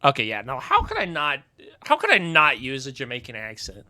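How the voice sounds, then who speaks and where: A man's voice: medium pitch, wildly swooping pitch, fairly quick, pushed and bright. A male streamer giving casual commentary while he plays a game, joking at his own expense and swearing now and then. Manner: joking and self-deprecating, swears and laughs.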